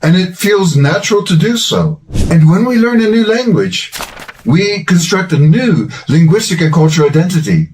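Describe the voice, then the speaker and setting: A man in his sixties or older, giving a measured, scripted educational talk as a language-learning host. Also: sits high, big pitch swings, a little mellow, recorded from a distance, a little hiss or hum, low-quality recording. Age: 60s or older. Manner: measured, explanatory delivery.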